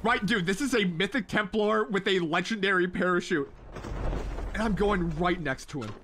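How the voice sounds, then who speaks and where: A man's voice: high voice, moderate pace, background noise. A young man hosting a mobile shooter livestream, chatting casually with viewers and repeating phrases over and over as he plays. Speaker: livestream gamer host. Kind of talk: casual live game commentary. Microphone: headset.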